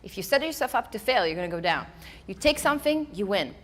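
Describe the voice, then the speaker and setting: Animated woman giving a motivational talk. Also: medium pitch, fast talker. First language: not English. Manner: animated storytelling, acting out her own inner voice. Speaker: speaker. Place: event hall before a live audience.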